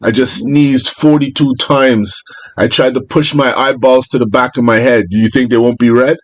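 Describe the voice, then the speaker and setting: A man's voice: medium pitch, fairly even intonation, moderate pace. A man on a casual panel show who cracks jokes and acts out mock excuses to a police officer.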